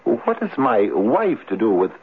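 An actor playing a poor cottager in a 1970s radio drama, earnest and hesitant. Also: male voice, on the low side, huge pitch swings, a little slow, a little hiss or hum. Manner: earnest, hesitant, full of uh's. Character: poor Irish cottager wishing for riches. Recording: narrow, tinny old radio broadcast.

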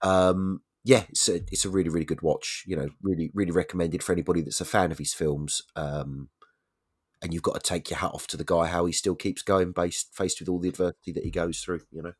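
A man's voice: low voice, fairly even intonation, brisk, slightly rough. A man, a podcast co-host chatting casually and rambling. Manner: rambling, many fillers and restarts. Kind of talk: casual chat.

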